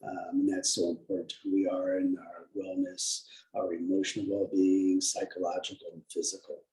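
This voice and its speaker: Conference speaker, man, deep voice, hesitant with fillers. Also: completely flat delivery, moderate pace, mellow, poor audio. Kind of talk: presentation talk.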